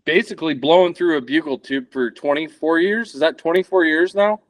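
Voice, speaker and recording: A man's voice: fairly high pitch, brisk, a crowd in the background. A man in his thirties, a podcast guest talking casually and rambling as he searches for words. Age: 30s. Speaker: podcast guest, elk hunter.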